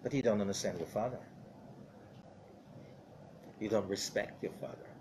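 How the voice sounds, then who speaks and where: A man's voice: lowish voice, normal speed, mellow, slight background noise. A man, a rabbi, teaching a Zohar study lesson in a conversational way, often asking rhetorical questions.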